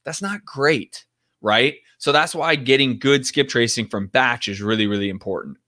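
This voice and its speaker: A man's voice: medium pitch, moderate pace, pushed and bright. A man teaching in a casual, direct way, often acting out sample phone calls to show what to say. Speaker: real estate investing coach.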